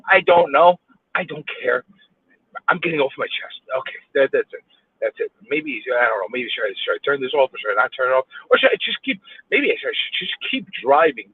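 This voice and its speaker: Brief: New York guy venting behind the wheel, high lively voice, husky, phone-quality sound. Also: no echo. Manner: exasperated, repetitive, rhetorical questions, swears. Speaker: vlogger ranting while driving. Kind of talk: angry road rant. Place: in a car in city traffic. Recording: tinny phone-like audio.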